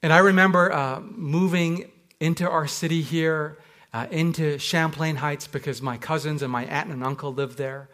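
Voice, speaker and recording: A man from Canada preaching a sermon as a pastor, telling personal stories in a reflective way and slowing down on key words. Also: a little high, fairly even intonation, fairly bright tone.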